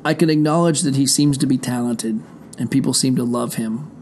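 A middle-aged man with a gravelly, fry-laced voice rambles through a casual monologue, swearing freely and drifting from one thought to the next. He speaks at an everyday pitch, straight to his listeners from a room indoors, with faint noise underneath. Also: a little fast, darkish tone. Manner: profane, digressive, talks straight to listeners. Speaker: show host. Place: indoor room behind a closed door.

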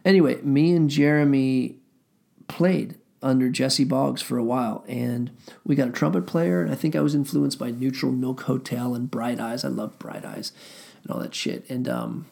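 A middle-aged man with a gravelly, creaky voice tells stories from his music days. He rambles, circles back with fillers, and swears casually, his pitch sitting in an ordinary middle range. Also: expressive, moderate pace, darkish tone. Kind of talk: casual storytelling.

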